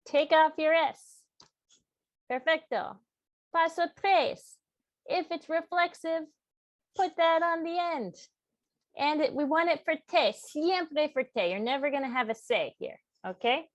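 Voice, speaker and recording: A woman's voice: high voice, no room sound. A woman teaching a Spanish grammar lesson step by step, patiently mixing English and Spanish and checking in with her students. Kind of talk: classroom lesson, explaining step by step.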